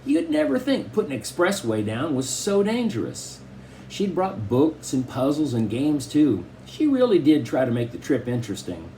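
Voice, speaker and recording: A man's voice: normal speed, a little hiss or hum. A man narrating a children's novel as an audiobook reader, storytelling expressively. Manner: expressive storytelling with shifting pitch. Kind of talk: scripted narration.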